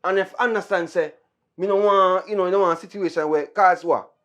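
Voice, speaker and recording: A woman's voice: fairly low pitch, fairly even intonation, fairly quick, dull audio, natural voice. A woman with a Jamaican accent, playing a hot-tempered police officer who heatedly defends her troubled niece in Patois. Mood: defensive. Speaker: actor in a Jamaican film. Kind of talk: film acting.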